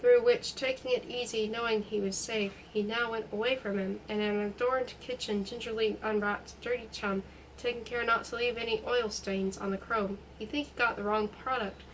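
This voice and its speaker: A woman's voice: on the high side, fairly even intonation, moderate pace, a little hiss or hum, low-quality recording. Woman reading a novel aloud. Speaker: reader.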